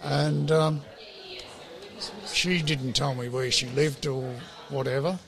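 A man's voice: mid-range voice, steady tone, slow pace, creaky, fairly bright tone. A man, telling a long personal story at an easy rambling pace with repeated words. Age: 70s. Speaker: interview guest. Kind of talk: casual storytelling.

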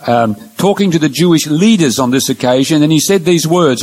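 A man with a fairly high voice delivers a Bible lecture, moving through numbered points as he points out pictures on his slides. He speaks in a measured, earnest way and leans on key words for emphasis. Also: animated, darkish tone, low-quality recording. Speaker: Bible teacher.

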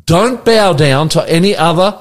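A man's voice: on the high side, expressive, normal speed. An Australian pastor leading a conversational Bible study, animatedly quizzing his co-host with questions.

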